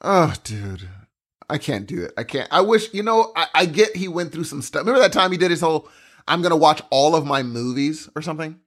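A young man on co-host duty, chatting casually, animated and excitable. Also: a little high, brisk. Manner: animated, excitable, says "dude" a lot. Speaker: podcast co-host. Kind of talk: casual chat.

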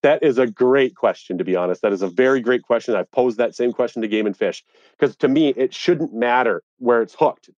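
A man's voice: mid-range voice, brisk, a little mellow, dry recording, dull audio. Indignant man telling his story. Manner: earnest, indignant when recounting. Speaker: interviewee, angler. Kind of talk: conversational storytelling.

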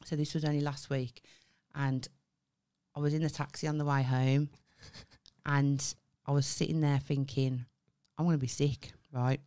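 A woman's voice: a bass voice, little pitch movement, unhurried, dark tone. A young woman, casually chatting and telling stories on a podcast, swearing freely. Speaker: podcast co-host.

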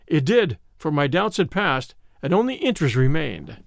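A man reading an audiobook as narrator, in measured storytelling that gives voices to several characters. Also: on the high side, sing-song, gravelly, no room sound, studio quality.

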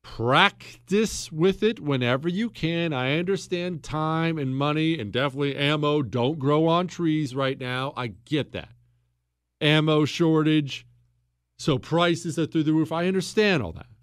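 A man's voice: on the high side, unhurried, fairly bright tone, smooth, no echo, studio quality. A man hosting a political talk show, lecturing emphatically and repeating himself for stress. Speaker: podcast host.

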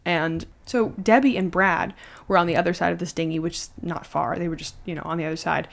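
Lower-voiced woman telling a story. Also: quick pace, vocal fry. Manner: conversational, animated retelling with fillers. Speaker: podcast host. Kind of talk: casual storytelling.

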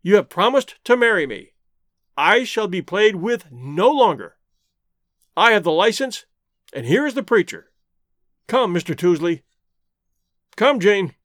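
A man reading a rough, impatient suitor. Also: high voice, expressive, a little fast, few pauses, no echo, clean studio sound. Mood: angry. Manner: forceful, curt.

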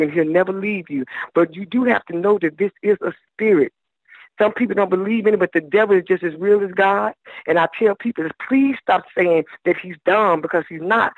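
Husky-voiced man preaching hard on a radio call-in, keeps saying baby, thin phone sound. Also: high voice, fairly quick, no room sound. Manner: fervent preaching cadence, calls listeners "baby". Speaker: minister calling in as a guest. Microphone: telephone. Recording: tinny phone line.

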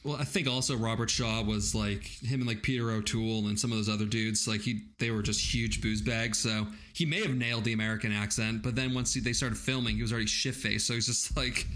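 A man's voice: lowish voice, steady tone, brisk, hardly any pauses, fairly bright tone. A man hosting a casual movie review chat, recapping scenes with profanity.

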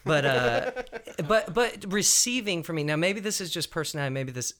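A man's voice: fairly high pitch, animated, moderate pace, a bit bright. A man with a Southern US accent, a guest on a panel discussion, reflective, searching for words and laughing easily.

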